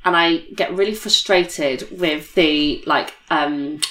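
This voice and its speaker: A young British woman in casual conversation, telling stories in a chatty, lively way with lots of fillers. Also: sits low, slow pace. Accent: British English. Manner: chatty, animated storytelling with many fillers. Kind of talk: casual chat. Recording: roomy echo.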